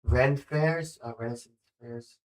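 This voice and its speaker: A man's voice: medium pitch, measured pace. Crude, mocking streamer guy. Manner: crude, mocking, heavy swearing. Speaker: livestreamer. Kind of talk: casual chat.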